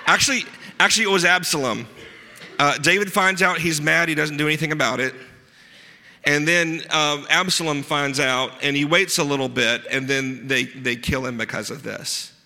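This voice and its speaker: Bright-voiced man preaching in a hall. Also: on the high side. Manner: earnest preaching with dry asides, slow emphatic stresses. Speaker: pastor. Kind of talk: sermon. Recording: long hall reverb.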